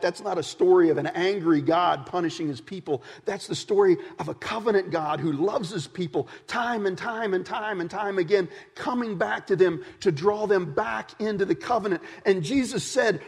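A man's voice: sits high, a little mellow, husky, long reverb tail. A man preaching a sermon in a conversational storytelling way, with folksy asides.

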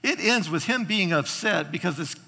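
A man preaching a sermon as a pastor, retelling a story with animated, acted-out quotes. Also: high voice, normal speed, creaky, breathy edge, long reverb tail.

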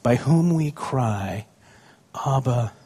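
A man's voice: mid-range voice, expressive, normal speed, a little mellow, slight background noise. A man, a pastor, preaching a conversational sermon with stories about his young children, often asking the congregation questions.

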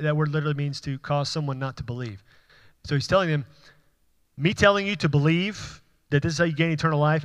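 Preaching man in a reverberant hall. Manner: preaching, building to emphatic peaks then dropping low; conversational, with asides and light laughs. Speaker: pastor. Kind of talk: sermon.

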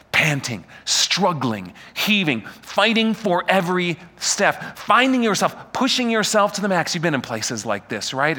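Guy preaching, animated, asks the crowd lots of questions, bright tense voice. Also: fairly high pitch. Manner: animated, full of rhetorical questions. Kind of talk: sermon.

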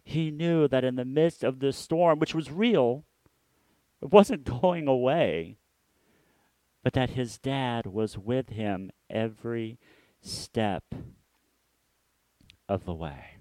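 A male pastor gives a reflective sermon at a slow, unhurried pace in a smooth, clear voice. He often repeats words and lets his phrases fade softly. The sound is close and dry. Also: medium pitch, dry recording. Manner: trails off softly at the ends of phrases.

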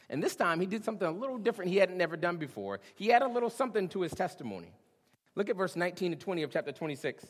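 A male pastor preaching a sermon, swinging between hushed questions and booming emphasis, with a casual "y'all". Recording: long reverb of a large hall.

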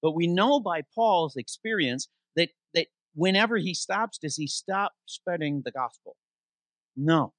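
A man preaching as interim pastor in a church, reading scripture slowly for emphasis and posing questions to the congregation before answering them himself. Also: on the high side, dry recording. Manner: animated preaching, reads scripture aloud with slowed emphasis. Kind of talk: sermon. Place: church sanctuary.

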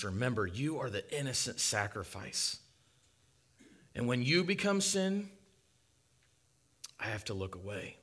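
A man with a medium-pitched voice preaches a sermon as a dramatic monologue, impassioned and swinging between loud and hushed.

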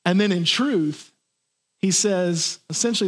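A man's voice: sits high, slow pace, fairly bright tone, husky. A man preaching a sermon to his congregation in an earnest, plain way, sometimes acting out voices. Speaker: pastor.

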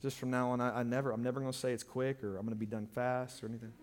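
A man preaching as a pastor, plain-spoken and direct, his delivery swinging between loud emphatic lines and hushed ones. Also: mid-range voice, little pitch movement, racing, slight background noise. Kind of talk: sermon. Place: church. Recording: long reverb of a church hall.

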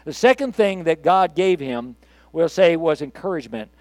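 Recorded close and dry with no room echo, an older male pastor delivers a sermon in a fairly high voice at a moderate pace. His intonation is lively and his manner conversational, alternating loud, pushed lines with hushed asides.

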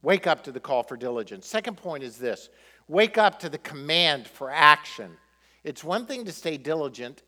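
A male pastor preaching a sermon, animated, throwing rhetorical questions at the congregation. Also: a little high, big-room sound.

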